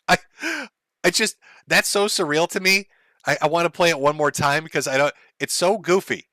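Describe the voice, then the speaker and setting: Sarcastic male commentator, bright dry voice. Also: fairly high pitch, moderate pace, no room sound. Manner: sarcastic, laughing, mocking. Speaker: commentary host. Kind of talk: mocking commentary on clips.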